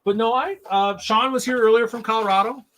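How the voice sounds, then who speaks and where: A man's voice: very high-pitched, steady tone, a little fast, fairly bright tone. A man hosting a live hobby stream in casual chat, ranting in an exasperated, sarcastic way and often repeating himself.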